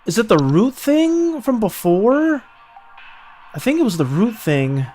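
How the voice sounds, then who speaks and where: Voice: mid-range voice, very animated, measured pace, darkish tone, faint music behind. A streamer chatting casually with viewers while playing and reading game text aloud.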